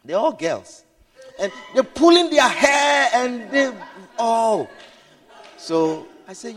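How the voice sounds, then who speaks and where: A man preaching a sermon, swinging from hushed storytelling to shouted exclamations, repeating words and adding hallelujah and amen. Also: very high voice, big pitch swings, slow. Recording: long hall reverb.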